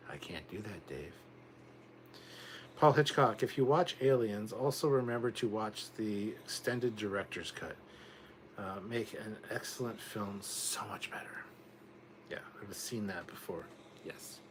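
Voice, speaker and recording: A man's voice: fairly low pitch, a little slow, noisy background. A man hosting a casual livestream, reading viewer comments aloud and rambling on in chatty asides, swearing now and then. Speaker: livestream host reading chat.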